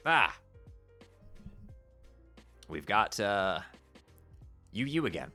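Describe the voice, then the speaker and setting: A man's voice: medium pitch, animated, normal speed, sharp tone. A man streaming casual chat, rambling with laughs and stumbling restarts. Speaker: streamer reading a webcomic aloud. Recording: background music under voice.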